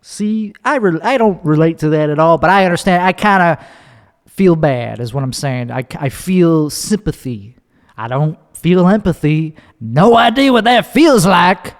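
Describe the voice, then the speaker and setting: A man's voice: fairly high pitch, lively intonation, a little slow, in a large hall. A young man, hosting a solo podcast, talking in a sarcastic, profane ramble and acting out other people's voices. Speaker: podcast host.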